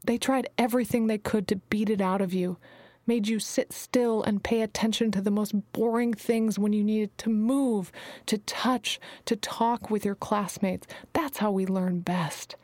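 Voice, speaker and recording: A woman's voice: mid-range voice, fairly even intonation, measured pace, a little mellow, dry recording, close to an everyday voice. A woman voicing a motherly female healer who calls everyone her babies, speaking soothingly and sometimes dropping to a whisper, in a dry recording. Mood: encouraging. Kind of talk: audiobook character reading.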